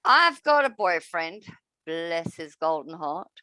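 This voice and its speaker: Middle-aged woman cohost, animated swoopy voice, dry close sound, chatty storytelling. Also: on the low side, slow, no echo. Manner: lively storyteller, acts out quotes. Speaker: podcast co-host. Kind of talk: casual chat.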